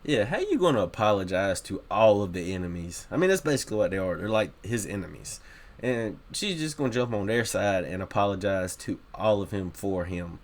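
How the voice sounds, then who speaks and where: A man's voice: on the low side, expressive, fairly quick. A man hosting a reaction video, talking casually and bluntly with exasperation about what he is watching.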